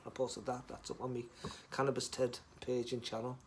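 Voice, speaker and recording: A man talking to his live stream audience in a loose, rambling way, full of jokes and swearing. His voice sits at an ordinary middle pitch, and a faint ambient hum runs behind him. He drops into low mutters and then calls out greetings loudly. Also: flat delivery, moderate pace. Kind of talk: casual live stream chat.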